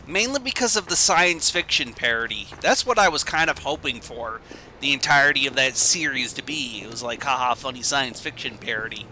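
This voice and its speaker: A man's voice: medium pitch, animated, a little fast, sharp tone. A man streaming a game, chatting casually in a rambling, offhand way. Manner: rambling, self-correcting, offhand. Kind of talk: casual gaming chat. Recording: noisy game audio behind.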